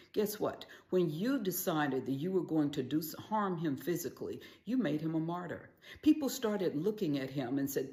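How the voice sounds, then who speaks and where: A woman's voice: low-pitched, mellow, roomy sound. A woman giving political commentary, directly accusing her opponents. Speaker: conservative commentator.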